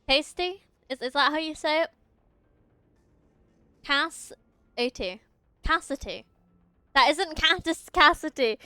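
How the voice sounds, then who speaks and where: Giggly high-voiced woman streamer. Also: sharp tone, dry recording. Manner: giggly, chatty, often talks to chat, trips over words. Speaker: game streamer. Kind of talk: casual live-stream game commentary.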